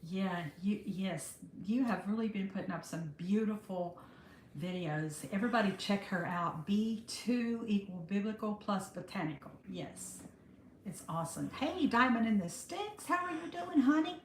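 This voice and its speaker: A woman, hosting a casual livestream, chatting warmly with viewers and calling them honey. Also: medium pitch, lively intonation, normal speed, slight background noise. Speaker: livestream host. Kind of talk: casual live chat greeting viewers. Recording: roomy echo.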